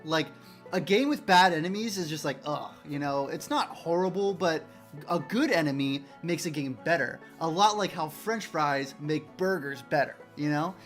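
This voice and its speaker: Excitable rambling man on a livestream. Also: a little high, normal speed, faint music behind. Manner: rambling, excitable, restarts often. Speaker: game developer streamer. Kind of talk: casual livestream chat.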